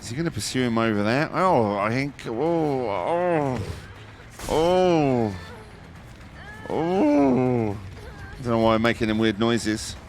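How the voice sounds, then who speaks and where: A man giving live commentary on a competitive online match, chatty and jokey, breaking into excited high exclamations. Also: a little hiss or hum. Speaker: esports commentator.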